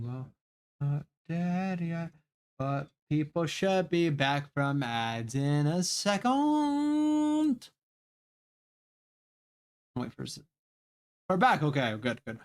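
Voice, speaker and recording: A male livestreamer chatting loosely with his viewers while working through a story game. His speaking voice sits fairly high for a man. He rambles, curses freely, and keeps talking directly to his chat. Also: big pitch swings, slow, long pauses, clear, resonant tone. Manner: rambling, profane, talks to chat. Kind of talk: casual live-stream chat while reading a game.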